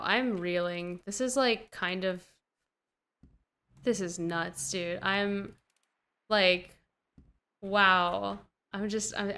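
Young female gamer, slow unhurried delivery, gasps and gushes over every find, slangy self-talk. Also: mid-range voice, a bit bright. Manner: gushing, easily delighted, gasping often; slang-heavy, talks to herself while playing. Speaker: gaming streamer. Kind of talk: casual gameplay commentary.

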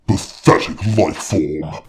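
Deep, husky clawed monster villain. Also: male voice, full character voice. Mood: scornful menace. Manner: slow, menacing, contemptuous. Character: hulking monstrous male villain, cold and scornful.

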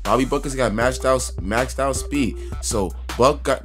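Slangy, excitable male game commentator. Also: medium pitch, measured pace, hardly any pauses, over loud music. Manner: slangy, loose and excitable, talking to viewers. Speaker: gaming YouTuber. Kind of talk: casual gameplay commentary.

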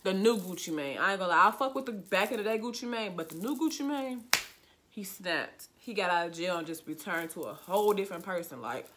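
A woman's voice: mid-range voice, animated, fairly quick, fairly bright tone, a little hiss or hum. A young woman from Chicago with a Chicago accent, chatting casually in a goofy, rambling vlog where she fills her talk with "like.". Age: young adult. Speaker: vlogger. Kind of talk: casual get-to-know-me chat.

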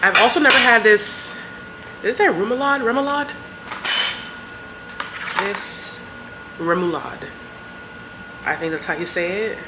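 A woman's voice: mid-range voice, expressive, moderate pace, reverberant, heavy background noise. A young woman vlogger, chatting playfully and directly to her viewers. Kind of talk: casual sponsored vlog chat.

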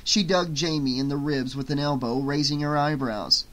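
Male audiobook narrator with a higher voice. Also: normal speed, few pauses, fairly bright tone. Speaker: audiobook reader.

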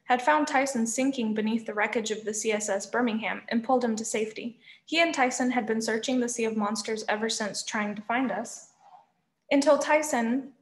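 A woman reading a novel aloud, narrating in a lively first-person voice, in an echoey room. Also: fairly high pitch. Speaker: reader.

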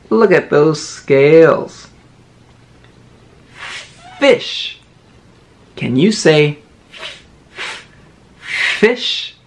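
A man teaching toddlers their first words, modelling each word slowly and with exaggerated sing-song emphasis. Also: fairly high pitch. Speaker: children's teacher. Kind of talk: slow toddler lesson.

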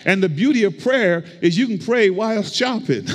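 A man's voice: high-pitched, expressive, moderate pace. A male pastor preaching a sermon, with rhythmic repetition and call-and-response to the congregation. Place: church sanctuary. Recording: long hall reverb.

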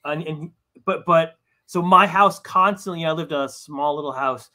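A man's voice: a little high, normal speed, sharp tone. A man chatting as a writer guest in an interview, with lots of stammered restarts and a self-deprecating way of talking. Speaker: comic book writer as guest. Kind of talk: casual interview chat.

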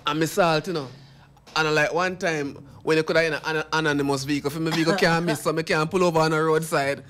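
A man's voice: fairly high pitch, steady tone, quick pace, a bit bright. A man with a Jamaican accent co-hosting a radio talk show, telling boastful stories in Patois and laughing often. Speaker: radio co-host. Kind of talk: casual radio banter.

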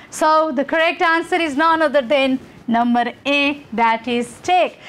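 A woman's voice: high-pitched, a bit bright. A woman English teacher from Nepal, walking students through exam questions and checking in with "okay" and "you know".

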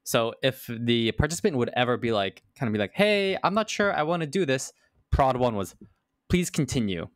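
A man's voice: medium pitch, sing-song, moderate pace, no echo, clean studio sound. A man hosting a podcast, explaining a study in casual chat and repeating words as he thinks. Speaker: podcast host.

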